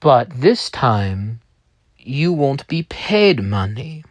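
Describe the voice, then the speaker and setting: A man's voice: medium pitch, sing-song, extremely slow, no echo, full character voice. A man voicing a smug, menacing male company lawyer with a German accent who makes veiled threats.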